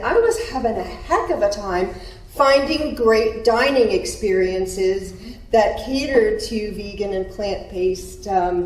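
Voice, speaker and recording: A woman's voice: medium pitch, darkish tone. A woman who owns a spa talks chattily and unhurriedly at a community event, laughing now and then. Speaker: spa owner and group founder. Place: event room. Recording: echoey room from far off.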